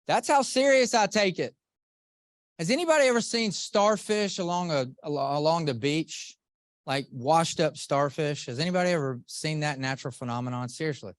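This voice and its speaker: A middle-aged man giving an earnest, animated motivational talk to a live group, often asking the audience questions. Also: on the high side, moderate pace, no echo, studio quality. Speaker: motivational speaker.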